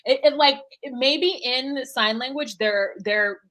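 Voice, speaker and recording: Young woman on a podcast, kinda high voice, blunt and swears a lot, acts out everyone's lines. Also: slow, a bit bright. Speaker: podcast co-host. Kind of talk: casual chat recapping a reality show.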